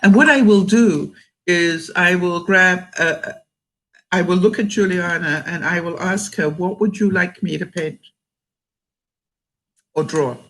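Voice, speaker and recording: A woman's voice: lowish voice, measured pace, long pauses, rough recording. An older woman from Canada, chatting casually on a live stream, reading out viewer comments and laughing often between thoughts. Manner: chatty and warm, laughs often, restarts sentences. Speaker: vlogger reading live chat.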